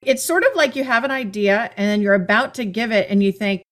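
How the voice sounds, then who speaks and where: A woman's voice: medium pitch, fairly quick, a bit bright. Woman, communication coach, thoughtful, explaining, casual chat.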